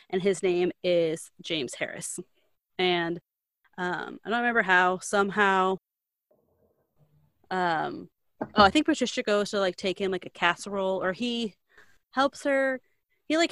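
A young woman with a slightly low voice tells a story in a loose, rambling way, filling every gap with "like" and tossing in slangy asides. The sound is dry and close, with no room around it. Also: fairly bright tone, dry recording. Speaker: podcast co-host recapping a book. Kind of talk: casual storytelling chat.

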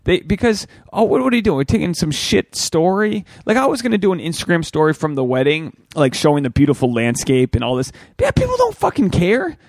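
A man in his thirties hosting a solo podcast, rambling crude stories in a loose, animated way with sudden jumps up in pitch. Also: fairly quick, hardly any pauses, no echo, studio quality. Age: 30s. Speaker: podcast host.

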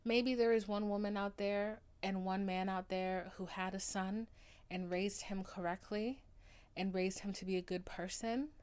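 A young adult woman hosting a solo podcast, talking in an overdramatic, gushing way with free swearing and sudden loud outbursts. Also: mid-range voice, steady tone, unhurried, smooth. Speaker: podcast host.

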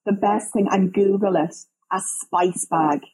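A woman in her thirties with a Dublin Irish accent, telling lively stories and using local slang as a guest on a talk show. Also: mid-range voice, a little slow, slight background noise, poor audio. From Ireland. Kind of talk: casual chat.

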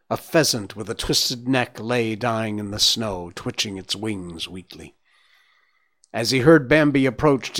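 A man narrating a storybook in a measured, dramatic reading. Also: mid-range voice, fairly bright tone. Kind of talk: audiobook reading.

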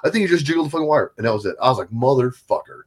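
A man in casual chat, telling profane, animated stories with lots of swearing. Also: on the high side, rapid-fire, husky.

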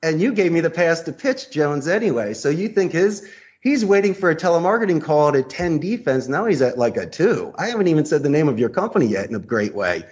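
A man being interviewed as a guest, talking in a lively, theatrical way, laughing often as he acts out sales calls. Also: fairly high pitch, a little fast. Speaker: guest, customer service trainer. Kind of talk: animated interview talk acting out sales calls. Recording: muffled lo-fi audio.

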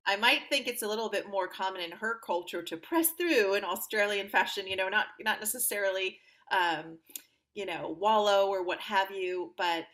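A woman guest on an interview podcast, telling personal stories in an upbeat, animated way and acting out the voices of people she quotes. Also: medium pitch, moderate pace. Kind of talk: conversational interview storytelling.

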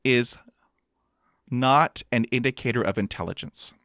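A man's voice: mid-range voice, measured pace, a bit bright, no echo, studio quality. A man who stutters, with blocks and repeated sounds, telling a self-mocking personal story and acting out quotes. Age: adult with a master's degree.

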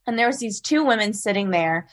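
A woman's voice: medium pitch, animated, brisk. A young woman in her twenties from South Carolina, earnestly telling a personal story as an interview guest, with lots of "like" and "you know". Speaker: guest, speaker.

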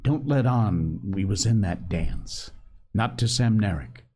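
A man voicing an anxious, stubborn schoolboy who stammers and pleads in rough, working-class speech. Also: on the low side, expressive, slow, a little mellow, heavily acted. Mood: pleading.

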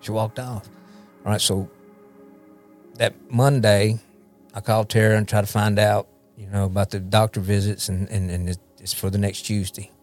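Faint music plays behind a man whose fairly low, darkish voice is delivered flatly at normal speed. A recovery ministry leader on a podcast as a guest, he rambles through his personal testimony, repeats words, and keeps asking "you know what I mean?"

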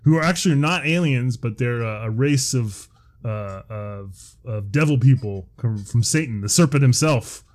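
A man's voice: mid-range voice, normal speed, a little mellow. A man co-hosting a podcast, talking loosely with many fillers and restarts. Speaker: podcast co-host. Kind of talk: casual chat.

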